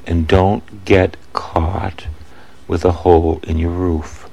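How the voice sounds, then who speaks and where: A Catholic priest closing his radio program with a funding appeal and announcements, repeating details slowly for listeners. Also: low-pitched, little pitch movement, vocal fry, mellow, husky, poor audio.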